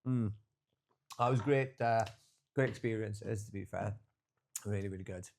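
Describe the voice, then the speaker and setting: A young podcast co-host with a lowish, darkish voice and some vocal fry rambles through travel stories at a moderate pace. It's casual chat, loaded with fillers and free swearing.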